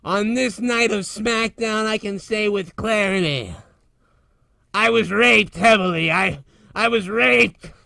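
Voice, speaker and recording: A high gravelly sobbing cat. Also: male voice, takes it slowly, bright, forceful tone, dry recording, full character voice. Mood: boastful. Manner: wailing, sobbing, meowing between complaints. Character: abused male house cat, whiny and wounded. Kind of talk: comedy podcast bit.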